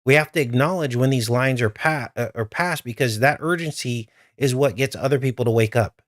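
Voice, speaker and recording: A man's voice: medium pitch, fairly quick, no room sound, clean studio sound. A man hosting a live stream, talking straight to his viewers in an urgent, earnest way. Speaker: livestream host.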